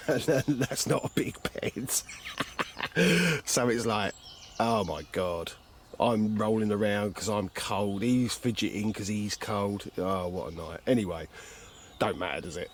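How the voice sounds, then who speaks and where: Bloke vlogging by a lake on a camcorder, lowish voice, jokey, faint birds behind. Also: male voice, takes it slowly, a little hiss or hum. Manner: chatty, jokey, self-mocking. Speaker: carp angler vlogger. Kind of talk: casual outdoor vlog chat. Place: outdoors by a lake. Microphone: handheld camcorder.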